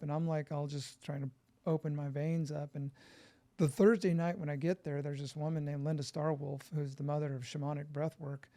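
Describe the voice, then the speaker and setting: This middle-aged Californian man is a guest on a podcast, telling his story in a lively, foul-mouthed way and acting out the quotes. His voice sits a little high.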